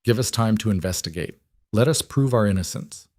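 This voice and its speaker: A man's voice: lowish voice, expressive, a little fast, a little mellow, no echo, clean studio sound. A man reading a storybook aloud, voicing a stern, protective king who speaks in a hard, commanding way. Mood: dangerous, low.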